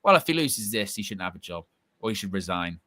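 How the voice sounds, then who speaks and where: A man co-hosting a live football fan stream, reacting loudly and reading out viewer super chats. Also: sits low, dry recording. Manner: animated, sweary, quick reactions. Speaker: fan channel co-host.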